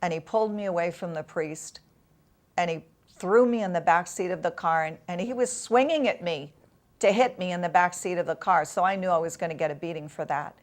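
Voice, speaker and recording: A woman guest in an interview, telling a painful personal story in an emotional, halting way with long pauses. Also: fairly low pitch.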